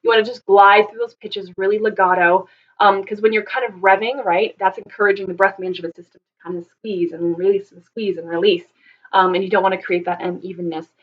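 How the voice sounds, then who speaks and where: A woman's voice: medium pitch, steady tone, a little fast, dull audio. A woman speaking as a voice teacher, thoughtfully explaining singing technique with frequent ums and restarts.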